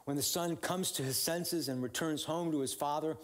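A man's voice: fairly high pitch, moderate pace. Guy preaching a sermon, chatty and loose, lots of ums and restarts. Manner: conversational, warm storytelling with many fillers and restarts. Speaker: pastor.

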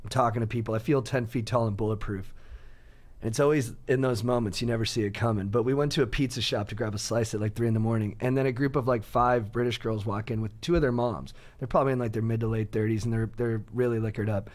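A man co-hosting a podcast, telling a story in an animated, profane way. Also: mid-range voice, quick pace. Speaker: podcast co-host. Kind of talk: casual podcast chat.

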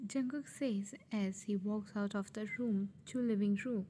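A woman narrating her own fan audio drama in a plain, unhurried way. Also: medium pitch, steady tone, warm tone, slight background noise. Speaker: narrator and creator.

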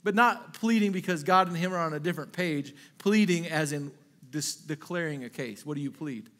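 At a moderate pace, a pastor with a high-pitched voice gives a fiery sermon. He moves between thunderous rhetorical questions and gentle, quiet asides, with repeated phrases and restarted sentences.

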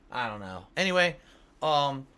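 A man's voice: mid-range voice, bright, forceful tone, clean tone. A man livestreaming from home, rambling casually, swearing now and then, and yawning between thoughts. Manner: rambling, swears casually, reads donor messages aloud. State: yawning, tired. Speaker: streamer.

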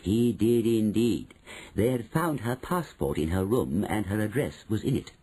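A man's voice: on the low side, animated, mellow, slightly rough, low-quality recording. A man voicing a shrewd old grandmother. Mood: measured. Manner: slow, measured and knowing. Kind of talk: audiobook reading.

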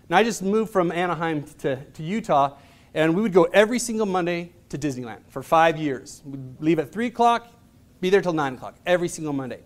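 High-voiced animated male storyteller. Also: fairly quick. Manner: animated, acts out voices in his stories; casual, chatty delivery with fillers. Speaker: motivational speaker. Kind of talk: storytelling presentation.

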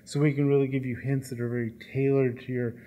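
A man answering interview questions about designing games, in a relaxed, rambling way with self-deprecating asides. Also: medium pitch, fast. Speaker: game designer.

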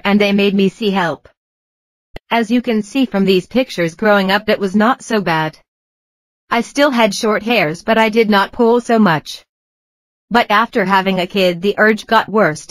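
A computer-generated woman's voice reading out a personal vlog in an even, mechanical way. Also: mid-range voice, no room sound, poor audio. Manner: evenly read, mechanical delivery. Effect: computer-generated text-to-speech voice. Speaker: vlogger. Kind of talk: text-to-speech narration of a personal vlog.

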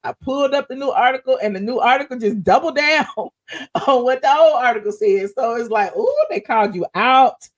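A woman's voice: a little high, fairly quick. A woman hosting a livestream, chatting sassily about gossip, laughing often and calling viewers honey. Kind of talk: casual gossip commentary to live viewers.

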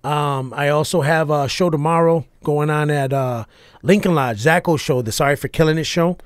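A middle-aged man, a comedian guest, telling stories in a profane, animated, punchy way. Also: on the high side, normal speed, clear, resonant tone, no echo, clean studio sound. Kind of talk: casual storytelling chat.

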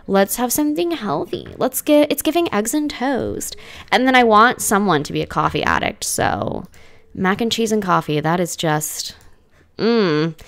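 A woman's voice: medium pitch, sing-song, moderate pace, dry recording. A woman giving casual, dramatic commentary as she plays a life-sim game, full of slangy exclamations. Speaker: gaming let's-play host.

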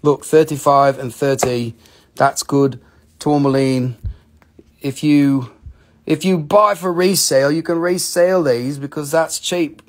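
A man hosting a live mineral sales show from home, joking around, swearing and laughing as he pitches stones. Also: fairly even intonation, slow pace. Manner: playful, profane, laughs often.

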